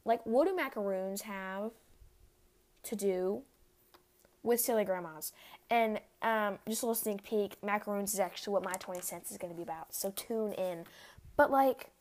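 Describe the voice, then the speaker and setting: A young woman hosting a casual solo podcast, rambling with many fillers. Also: mid-range voice. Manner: rambling, heavy use of "like", quick laughs. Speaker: podcast host.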